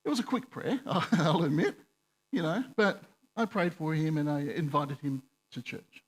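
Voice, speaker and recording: A man's voice: fairly high pitch, normal speed, breathy edge. Male pastor telling a story. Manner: conversational, self-deprecating, animated when retelling dialogue. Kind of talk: sermon with personal storytelling.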